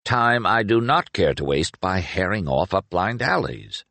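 A stern, impatient investigator speaks in short, clipped lines, voiced by a man reading the book. The voice sits very low yet swings widely in pitch. It comes across close and dry, with no room sound. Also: very animated, a little slow, vocal fry, pushed and bright, dry recording, exaggerated voice. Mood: terse. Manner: curt, clipped speech through gritted teeth. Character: stern grim male investigator, terse and impatient. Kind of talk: audiobook character reading.

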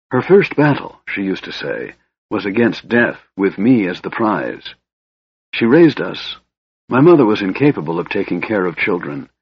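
A man's voice: lowish voice, breathy edge, dry recording. A man voicing a frail, sardonic young male mage who talks in a cold, hissing whisper, on a dull lo-fi recording. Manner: cold, brooding, bitter.

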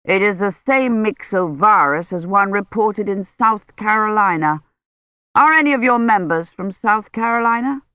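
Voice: medium pitch, expressive, lightly acted. A reader plays a tired older man, an academic who weighs each word and questions people methodically. The audio is muffled and dry, with no room echo. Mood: careful. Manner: measured, careful. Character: weary older male Oxford don, careful.

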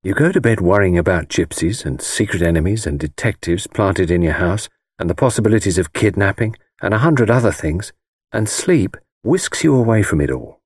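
Male audiobook narrator, low voice with a lively melody, dry close sound, unhurried. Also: slightly rough, no room sound. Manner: measured, reflective storytelling.

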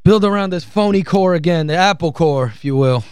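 A sports radio host with a very high-pitched voice, worked up and exasperated, stacking repeated phrases on top of each other as he rants. The studio sound is close and dry, with no room around him. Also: a little fast, a little mellow, clean tone, dry recording. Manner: heated, exasperated, emphatic ranting. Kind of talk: call-in sports talk rant.

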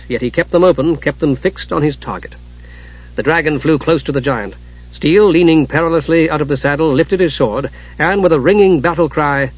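A man narrates a fantasy novel in a steady, dramatic reading. His voice is husky and a little high. The audiobook recording sounds dull and lo-fi.

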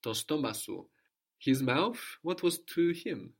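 A man's voice: a little high, big pitch swings, slow, husky. A man teaching a language lesson, patiently prompting his student and repeating the answers.

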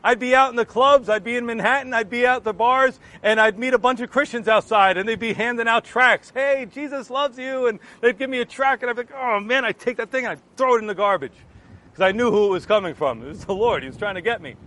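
A man with a noticeably high voice shares his personal testimony. He tells it with earnest, animated energy, slipping into the voices of the people in his story as he goes. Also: fast talker. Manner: earnest, animated retelling that acts out remembered exchanges. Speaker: Christian giving a testimony.

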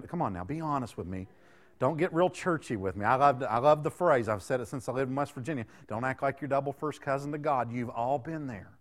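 A preacher in his late thirties with a fairly low voice gives a folksy, conversational sermon, addressing the congregation like friends. He keeps posing rhetorical questions to them and gently teasing them along.

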